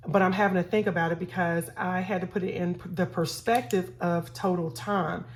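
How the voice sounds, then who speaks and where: Chatty middle-aged woman with a lowish voice. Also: a little fast, a little hiss or hum. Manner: chatty, relaxed, talks to viewers as y'all. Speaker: budgeting vlogger host. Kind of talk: casual chat while counting cash.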